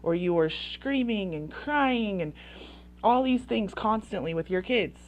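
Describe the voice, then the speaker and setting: A woman's voice: mid-range voice, lively intonation, unhurried, dull audio. Blunt, impassioned woman parenting coach. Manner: blunt and impassioned, swearing, repeating phrases for emphasis. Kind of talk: direct-to-camera talk.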